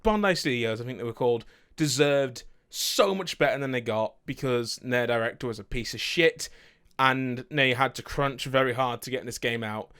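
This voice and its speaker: A man's voice: medium pitch, normal speed, fairly bright tone, smooth. A young man chatting casually about his favourite video games, rambling, correcting himself and swearing now and then. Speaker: video game streamer.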